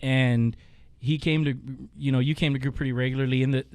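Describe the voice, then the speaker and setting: A man's voice: mid-range voice, steady tone, brisk, darkish tone, clear, resonant tone, no room sound. A man hosting a casual chat, telling a long story with swearing and laughter. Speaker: podcast host.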